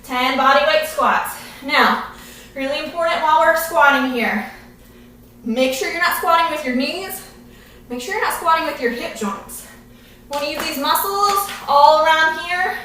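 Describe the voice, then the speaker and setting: A woman's voice: high voice, normal speed, bright, forceful tone. A woman fitness instructor coaching a workout live, encouraging and out of breath, filmed by a camera at a distance. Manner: encouraging, coaching while exercising. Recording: very echoey room, camera at a distance.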